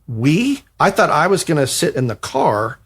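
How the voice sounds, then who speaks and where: A man on a podcast telling a personal anecdote, animated and self-mocking. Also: a little high, moderate pace, husky. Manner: animated, self-mocking retelling that acts out quoted dialogue. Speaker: podcast co-host. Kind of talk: storytelling anecdote.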